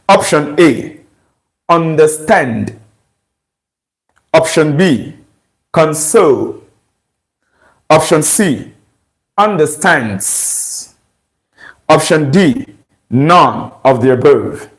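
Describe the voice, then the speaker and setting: A man's voice: fairly high pitch, animated, rough recording. A man teaching English grammar, walking through exam questions and checking with rhetorical questions. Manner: slow, deliberate, asks rhetorical checks.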